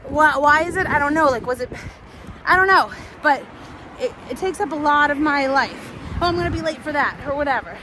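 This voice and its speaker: A woman telling a rambling personal story out loud while she walks outdoors, full of fillers and restarts. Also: high-pitched, expressive, fairly quick. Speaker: vlogger. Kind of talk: casual storytelling while walking. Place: outdoors on a city street. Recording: loud street noise around.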